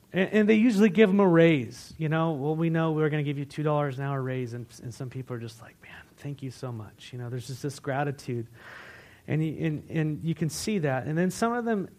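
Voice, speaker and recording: A male pastor preaching a sermon in a conversational storytelling way, dropping to near-whispers and rising to loud, emotional bursts. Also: fairly high pitch. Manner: conversational storytelling with many restarts, swinging from hushed to loud.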